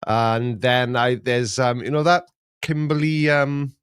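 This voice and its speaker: A man's voice: medium pitch, flat delivery, takes it slowly, smooth, dry recording. Middle-aged male streamer, rambling chatty host, dry close sound. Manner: rambling, chatty, chuckles at his own jokes. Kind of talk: casual live-stream chat.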